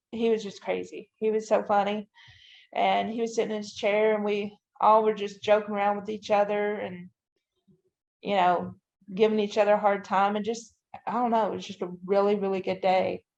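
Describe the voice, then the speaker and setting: A woman's voice: medium pitch, creaky, darkish tone. A woman guest on a podcast, giving a detailed personal account and often using "you know" and "I'm like". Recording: dull, lo-fi audio.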